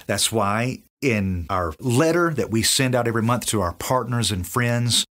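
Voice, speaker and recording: A man's voice: mid-range voice, expressive, a little slow, a bit bright. A man with a Southern US accent, teaching from the Bible with enthusiasm and acting out the dialogue. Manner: enthusiastic, acts out quoted dialogue. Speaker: preacher.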